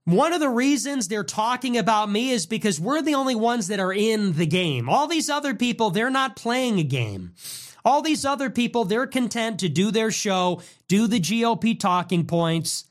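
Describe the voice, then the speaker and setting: A man's voice: high voice, very animated, normal speed. A man hosting a political show, delivering an angry, combative monologue.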